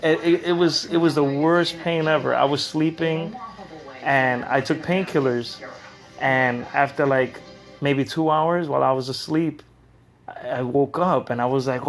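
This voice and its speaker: A man on a live stream, rambling and halting, in pain after oral surgery with a swollen cheek, talking from bed into a phone. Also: medium pitch, soft background music. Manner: rambling, halting, repeats words. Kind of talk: casual live-stream chat. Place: lying in bed at home. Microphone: phone camera.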